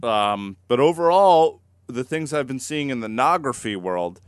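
A man on a comedy podcast delivering crude jokes in a deadpan way. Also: medium pitch, unhurried, clear, resonant tone, no room sound, studio quality. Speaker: podcast co-host. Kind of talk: casual banter.

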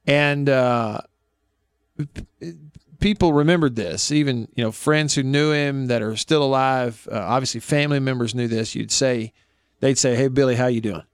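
A man's voice: mid-range voice, moderate pace, clear, resonant tone, no room sound, studio quality. A man in his thirties hosting a radio talk show, telling folksy family stories and laughing often.

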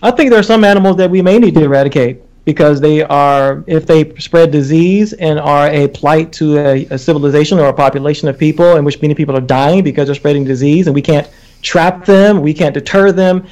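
A man in a casual debate chat, talking in an emphatic, animated way as a vegan guest. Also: a little high, a little fast.

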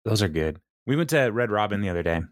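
Male podcast co-host with a fairly low voice; chatty sitcom recaps, frequent laughter, dry booth sound. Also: fast talker, no room sound. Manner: laughs often, quotes characters in animated voices. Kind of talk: casual chat.

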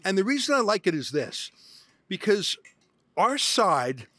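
A man in his fifties hosts interviews at a conference. His voice sits fairly high, and he talks briskly with strong emphasis. The recording is dry and close. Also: sing-song, bright, forceful tone, no echo. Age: 50s. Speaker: host.

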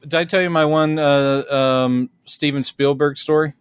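A man co-hosting a podcast, chatting casually and telling stories with lively self-mocking humor. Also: on the high side, normal speed, smooth, dry recording, studio quality. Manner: animated storyteller, laughs at himself. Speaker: podcast co-host. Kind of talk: casual chat.

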